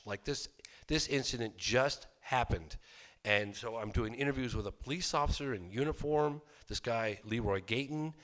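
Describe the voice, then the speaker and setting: A man's voice: on the low side, fairly bright tone. A middle-aged man from California telling a long story to a live audience, acting out the people he quotes, with many restarts. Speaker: documentary filmmaker giving a public talk.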